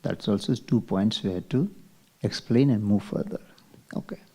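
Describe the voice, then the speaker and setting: A man teaching a Vedic chanting class, explaining slowly and asking rhetorical questions. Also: lowish voice, warm tone. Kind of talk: classroom lecture.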